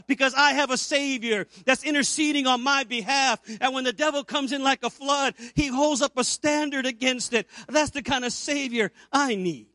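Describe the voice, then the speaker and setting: A man in his fifties preaching an Easter sermon as pastor, building to emphatic peaks and dropping to quiet low stretches. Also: no echo, studio quality.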